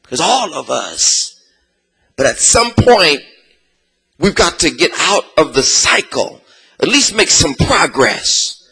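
A man preaching a sermon in a sing-song cadence, asking the congregation questions and swelling into shouts. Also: on the high side, very animated, slow pace, slightly rough.

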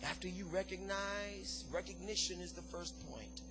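High-pitched gravelly male preacher. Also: fairly even intonation, moderate pace, over music, rough recording. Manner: impassioned preaching, call-and-response. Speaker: pastor. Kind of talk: sermon.

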